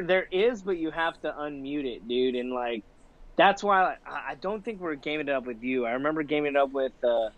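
A young man in casual chat, telling stories full of "like" and swearing, laughing often. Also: fairly high pitch. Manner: profane, laughing, animated storyteller with filler "like". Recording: dull lo-fi sound.

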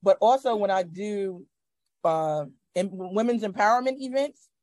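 A woman's voice: mid-range voice, measured pace, darkish tone, no echo. A middle-aged woman, a guest on a podcast, speaks earnestly about her faith over a video call, often restarting her sentences. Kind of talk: casual conversation.

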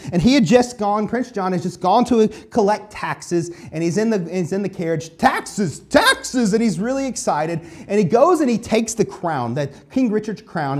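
Lively, conversational preacher. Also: medium pitch. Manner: conversational, self-deprecating, repeats phrases. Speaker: pastor. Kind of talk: sermon.

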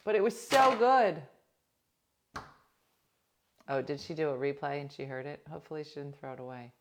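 A woman with a low voice hosts a casual livestream, chatting with viewers. She tells a story in a gossipy way and sometimes drops to a hush for an aside. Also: normal speed, background noise. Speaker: livestream host. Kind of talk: casual chat reading viewer comments.

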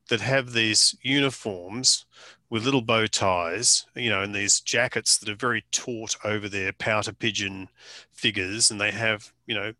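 An Australian man with a forceful, ringing voice tells stories in a loose, conversational way. His delivery is dry and close, full of slang and the occasional curse. He speaks as a photographer sharing his experience. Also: on the low side, no echo. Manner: colourful, anecdotal, with mild swearing and slang. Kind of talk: storytelling interview chat.

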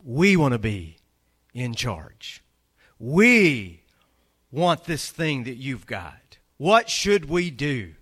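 A man preaching a sermon as pastor, emphatic, swinging between loud peaks and quiet low lines. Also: very animated, very slow.

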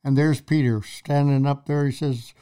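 A man's voice: medium pitch, fairly even intonation, moderate pace, warm tone, clear, resonant tone. A man co-hosting a faith talk show, retelling Bible stories and acting out quoted lines with dramatic emphasis. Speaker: preacher co-host. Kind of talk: conversational Bible teaching.

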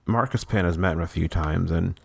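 A man hosting a podcast in easy, relaxed chat, telling stories and moving the conversation along. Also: deep voice, a little fast, vocal fry, a crowd in the background. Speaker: podcast host. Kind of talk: casual chat.

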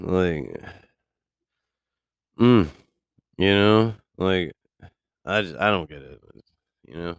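Deep gravelly profane man rambling. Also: slow pace, long pauses, no room sound, clean studio sound. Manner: profane, rambling, laughs often. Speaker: radio show host. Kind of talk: casual solo talk.

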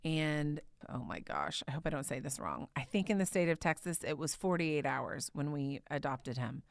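A woman preacher telling a personal story in a sermon, candid and conversational, sometimes dropping to a hushed tone. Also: low voice, animated, normal speed, gravelly, no echo, studio quality.

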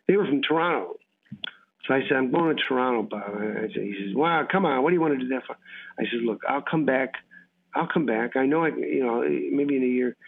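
Gravelly man telling stories over radio. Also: fairly high pitch. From United States. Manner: rambling storyteller, acts out dialogue. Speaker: actor guest. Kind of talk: casual anecdotal interview. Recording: tinny phone-like radio line.

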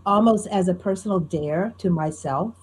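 Husky-voiced woman storyteller chatting. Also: fairly low pitch, moderate pace. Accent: faint New Jersey. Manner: animated, self-deprecating, tells anecdotes with quoted dialogue. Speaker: professional storyteller, interview guest. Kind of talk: conversational interview.

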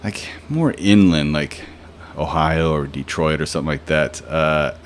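A man's voice: rumbling low, unhurried, a little hiss or hum. A young man telling rambling, profane stories in a casual podcast, with lots of fillers. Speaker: podcast host. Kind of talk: casual storytelling.

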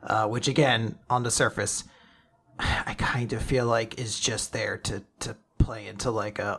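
A man co-hosting a casual podcast, joking with quick teasing remarks. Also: lowish voice, steady tone, pushed and bright, slightly rough. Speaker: podcast co-host. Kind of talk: casual chat.

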